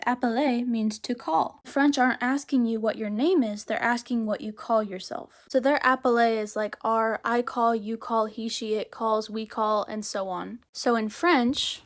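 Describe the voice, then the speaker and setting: A woman teaching a beginner language lesson, explaining step by step in a chatty way and saying example phrases with lively rises. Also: on the high side.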